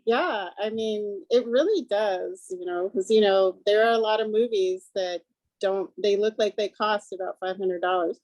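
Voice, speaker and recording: A woman hosting a casual film discussion, asking gentle questions and laughing easily. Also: medium pitch, normal speed, dry recording, low-quality recording. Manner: warm listener, laughs often, gentle questions. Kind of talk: casual interview chat.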